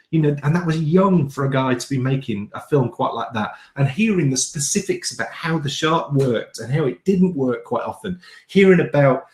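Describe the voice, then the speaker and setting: Brief: man co-host, fairly high voice, casual and halting, roomy echo. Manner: enthusiastic, halting, hesitant. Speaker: podcast co-host. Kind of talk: casual chat.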